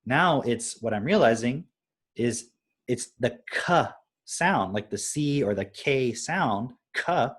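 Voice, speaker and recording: A young adult man with a slightly husky voice talks casually on a live stream. He explains things through everyday stories, often pausing to ask "right?". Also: medium pitch, expressive. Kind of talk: casual parenting talk.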